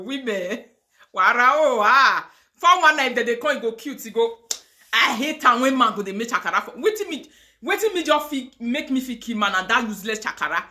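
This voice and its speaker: A middle-aged Nigerian woman hosting a call-in radio chat, telling stories in an animated, laughing way. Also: on the high side. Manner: animated, storytelling with Pidgin and laughter. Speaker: talk show host.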